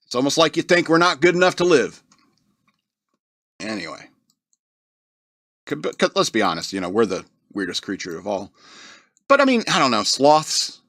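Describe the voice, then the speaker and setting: On his podcast, a man with a mid-range, slightly bright voice rambles through a casual comedic monologue. He laughs often and puts on mocking voices when quoting people. The studio-quality recording is dry.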